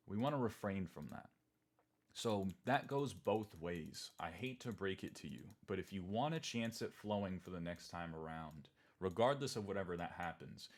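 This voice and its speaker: A man hosting a crypto trading livestream, talking in an animated, sarcastic, profane way, often slipping into exaggerated mocking voices. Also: on the low side. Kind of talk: livestream market commentary rant.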